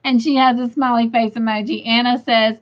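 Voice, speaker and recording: A woman's voice: a little high, steady tone, brisk. A woman hosting a livestream, reading chat comments aloud and laughing often. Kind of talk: casual chat. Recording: dull lo-fi sound.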